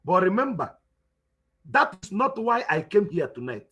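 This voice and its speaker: A man's voice: high voice, very animated, moderate pace, bright, forceful tone, husky. A Nigerian man with an Igbo accent, a native Igbo speaker, teaching in a spoken lecture, emphatic and repeating his points with rhetorical questions.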